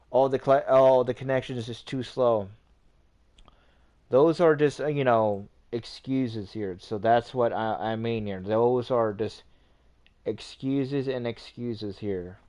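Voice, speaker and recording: Male streamer host, mellow tone, rambling and repetitive, swears a lot. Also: mid-range voice. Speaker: livestream host. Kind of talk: casual livestream rant.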